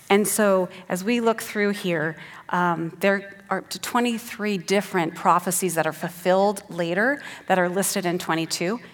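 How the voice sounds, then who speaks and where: A woman's voice: lowish voice, long reverb tail. A woman giving an earnest sermon who teaches the passage and reads scripture aloud with rising emphasis. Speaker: preacher.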